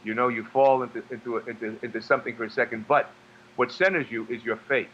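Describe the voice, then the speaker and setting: Here a guest who acts and sings, originally from New York, recounts stories in a relaxed interview, stumbling a bit and doubling back with fillers and repetitions. His pitch is ordinary, and the remote connection sounds a little muffled, with a low hum underneath.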